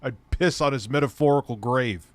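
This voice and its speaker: A man's voice: medium pitch, brisk, no echo. A man hosting a commentary show, reacting to clips in a crude, profanity-laden rant. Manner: crude, swearing rant with laughs.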